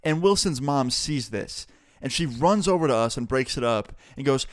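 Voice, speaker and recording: A young man recounts a wild story in a loose, profane, animated way. His voice is smooth and clear, recorded very dry and close. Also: mid-range voice, moderate pace, no room sound. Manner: casual, swearing, animated storytelling. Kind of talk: storytime vlog.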